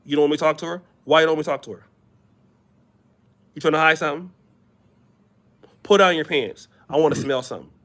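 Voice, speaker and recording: A man's voice: a little high, fast talker, long pauses, a bit bright, a little hiss or hum, natural voice. A man mimicking a demanding young woman nagging her boyfriend, sweet and rude at the same time. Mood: suspicious.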